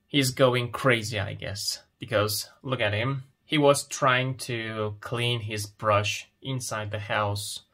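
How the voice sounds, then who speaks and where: A man teaches English at a very unhurried pace. His voice is bright and forward, and he asks simple questions about a picture story and then answers them himself. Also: medium pitch. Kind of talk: slow explanatory lesson, reading a picture story.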